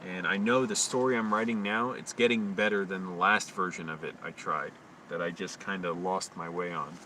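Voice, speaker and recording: A man rambling through a late-night livestream monologue, talking quietly and anxiously to himself with frequent restarts. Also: low voice, steady tone, moderate pace. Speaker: live streamer. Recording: distant mic with constant hum.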